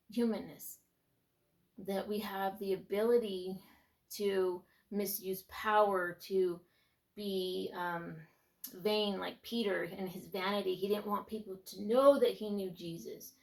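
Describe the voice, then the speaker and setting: This twenty-something faith vlogger speaks in a gravelly, medium-pitched voice as she delivers a reflective, heartfelt testimony. Her sentences often restart, and she nearly whispers when describing what went on inside her head.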